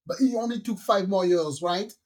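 A woman's voice: medium pitch, normal speed, distant mic. A woman co-hosting a podcast, telling funny stories in casual chat and acting out the other people's lines as she goes. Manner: animated storyteller, acts out characters' lines. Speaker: podcast co-host.

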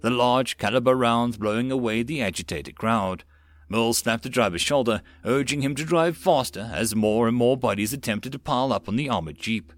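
A man reading a web novel audiobook in a plain, steady narrating manner with occasional slips. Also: medium pitch, normal speed, no room sound.

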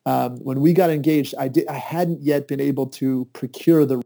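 A man telling a lively personal story in casual conversation, his voice jumping up excitedly when he quotes people. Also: normal speed, vocal fry. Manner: lively anecdotes with high-pitched, excited quoted asides.

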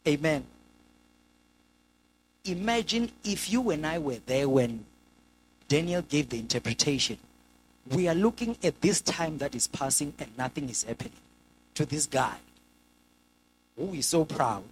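Lively male preacher. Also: a little slow, long pauses, slight background noise, low-quality recording. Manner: lively, acts out scripture characters with sudden pitch jumps. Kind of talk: sermon.

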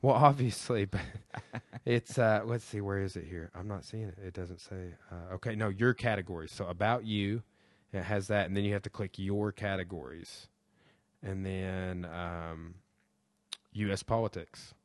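A man's voice: low voice, steady tone, normal speed, no room sound, clean studio sound. A young man hosting a podcast, talking in a rambling way with lots of fillers and swearing. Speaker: podcast host. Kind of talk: casual chat.

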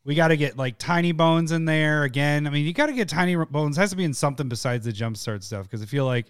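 A man co-hosting a podcast, excitable and giggly, talking in quick bursts. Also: fairly high pitch, clean tone, no room sound, studio quality. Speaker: podcast co-host. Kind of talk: casual chat about card games.

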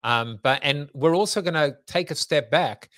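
A man's voice: on the high side, normal speed, a bit bright, no echo, clean studio sound. A man from South Africa hosting a casual interview, chatty and jokey, with many hesitant fillers. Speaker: podcast host.

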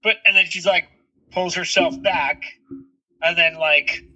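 Brief: thirties dad, husky high voice, swears freely, lo-fi sound. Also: male voice, measured pace. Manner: animated storytelling, swears freely. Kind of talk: casual chat. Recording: dull lo-fi recording.

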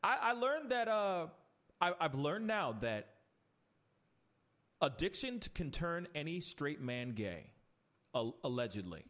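A man's voice: on the high side, measured pace, long pauses. A man hosting a podcast, chatting casually and ranting animatedly about TV shows. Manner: animated, ranting with mocking quoted voices. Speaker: podcast host. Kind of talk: casual chat.

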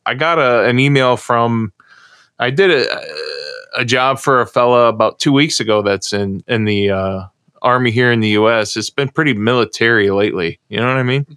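A man's voice: medium pitch, normal speed, a bit bright, smooth, no echo, studio quality. A man from the United States, co-hosting a casual podcast chat, telling a long story with many restarts. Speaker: co-host.

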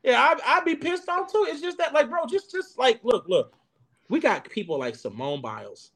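A young adult man on a podcast panel, riffing in casual chat, profane and animated, full of restarts. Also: extremely high pitch, normal speed, vocal fry.

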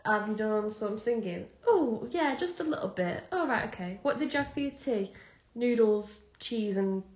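A woman's voice: medium pitch, lively intonation, normal speed, darkish tone. A young woman co-hosting a podcast, chatting casually and acting out the dialogue in the stories she tells, with frequent laughter. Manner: chatty storyteller, acts out the dialogue in her anecdotes, laughs often. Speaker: podcast co-host. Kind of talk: casual chat. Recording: echoey room, dull lo-fi sound.

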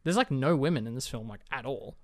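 A man co-hosting a film review podcast in casual chat, animated and quick to laugh. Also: mid-range voice. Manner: animated, laughs often, quotes scenes in voices. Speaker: podcast co-host.

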